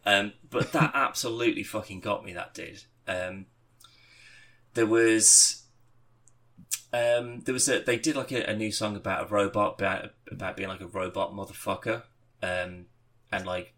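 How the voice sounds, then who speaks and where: A man's voice: fairly low pitch, fairly even intonation, normal speed, a bit bright. A man hosting a podcast, telling rambling anecdotes with lots of fillers and swearing. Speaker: podcast host. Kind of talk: casual chat.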